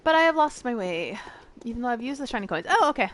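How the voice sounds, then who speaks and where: While playing a game on stream, a young woman from the United States rambles and giggles through a casual chat with viewers. Her fairly high voice is expressive and moderately paced, set against a noisy background.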